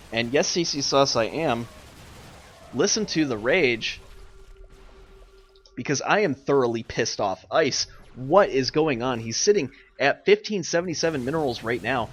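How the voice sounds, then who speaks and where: A young man casting a live online strategy game, ranting and exasperated, swinging between loud outbursts and muttered asides. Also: mid-range voice, sing-song, moderate pace, slight background noise. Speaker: game caster and streamer.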